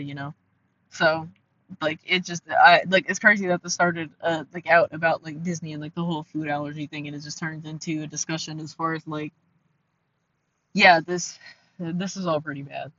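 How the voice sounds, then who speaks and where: A man's voice: a little high, steady tone, moderate pace, pushed and bright, lo-fi sound. A man with an Ohio accent and a nasal voice, talking casually in a commentary vlog, rambling with lots of fillers and restarts. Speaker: commentary channel host.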